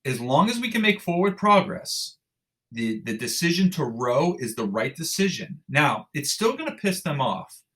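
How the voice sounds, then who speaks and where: A man telling a story as a podcast guest, animated and blunt, swearing casually and restarting sentences. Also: a little high, normal speed. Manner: animated storyteller who acts out dialogue, with frequent restarts. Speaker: podcast guest, endurance athlete. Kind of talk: storytelling in an interview.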